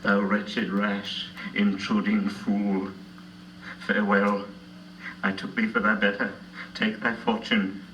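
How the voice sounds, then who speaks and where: An actor playing a young Prince Hamlet, rash and bitter, in Shakespearean stage style with intense, declamatory verse delivery. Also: male voice, on the low side, flat delivery, takes it slowly, a bit bright, a little hiss or hum. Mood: bitter scolding. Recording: film audio heard from a distance.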